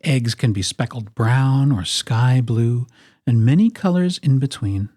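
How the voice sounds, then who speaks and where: A storyteller reading a children's picture book aloud, with expressive, playful emphasis on its lists. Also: mid-range voice, measured pace, dry recording, clean studio sound.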